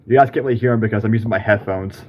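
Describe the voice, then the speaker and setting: A man at home filming a severe storm out his window, giving excitable, exclamatory live commentary to his viewers. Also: lowish voice, racing, muffled recording. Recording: heavy rain and hail noise. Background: rain and hail pounding.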